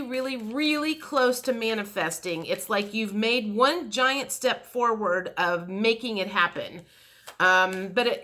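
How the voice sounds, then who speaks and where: Bright, chatty woman reading tarot. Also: a little high. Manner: chatty, repeats words, acts out quoted reactions. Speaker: tarot reader. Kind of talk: intuitive tarot reading monologue.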